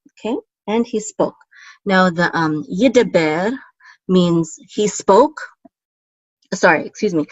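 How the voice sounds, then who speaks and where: Patient, low-voiced woman teaching Hebrew letters. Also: no echo, rough recording. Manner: patient, explains letter by letter, many fillers. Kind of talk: step-by-step reading lesson.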